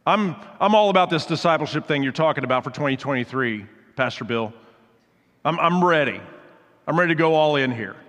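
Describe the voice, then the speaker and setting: A man's voice: fairly high pitch, lively intonation, a little fast, a bit bright. A man preaching a sermon, earnest and exhorting, repeating phrases for emphasis, then leading a prayer. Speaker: pastor. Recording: long reverb of a large hall.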